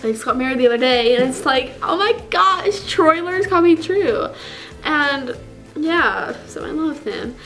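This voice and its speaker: A woman's voice: high-pitched, lively intonation, unhurried, fairly bright tone, faint music behind, full character voice, poor audio. A woman playing a giddy, clueless fangirl. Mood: gushing. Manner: giddy, rambling, gasping fangirl talk. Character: gushing, clueless teenage girl fake fan. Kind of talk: comedy sketch character.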